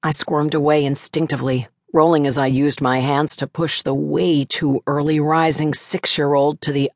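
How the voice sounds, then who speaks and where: Woman reading a novel aloud, low voice, even pace, dead dry booth sound. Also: no room sound. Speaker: audiobook narrator. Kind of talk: first-person novel narration.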